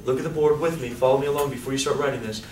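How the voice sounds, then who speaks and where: A male statistics teacher lecturing a class in an animated, joking way, often asking students questions. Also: mid-range voice, rapid-fire, distant mic. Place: lecture hall. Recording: echoey hall, voice off-mic, faint hiss.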